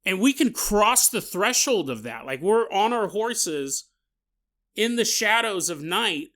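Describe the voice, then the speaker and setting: A man telling a comic story as a podcast host. His voice is high and bright, and he talks in an animated, joking way with laughing asides. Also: slow. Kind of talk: comedic storytelling.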